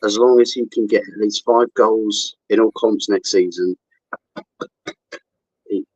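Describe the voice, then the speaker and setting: Teasing Englishman, low voice, dull sound. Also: steady tone, measured pace, darkish tone, no room sound. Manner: playful, mock-theatrical teasing. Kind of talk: casual banter.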